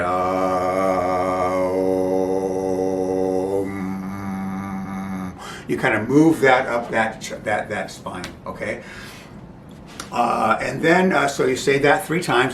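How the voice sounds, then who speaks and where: A man explaining breathing exercises in a halting, informal way, often stopping to check "okay?". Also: a bit bright. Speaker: breathing instructor. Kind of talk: informal spoken instruction. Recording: roomy, distant mic, faint rumble.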